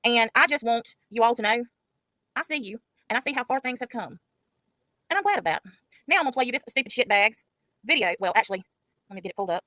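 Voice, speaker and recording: A woman's voice: a little high, animated, fast, pauses often, pushed and bright, no room sound, rough recording. A woman hosting a casual livestream, blunt and profane, mocking the people she talks about. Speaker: livestream host.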